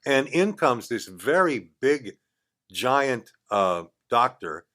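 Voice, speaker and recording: An older man, a guest in a radio studio, telling a casual story in a lively way and acting out the voices of the people in it. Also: mid-range voice, takes it slowly. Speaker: podcast guest.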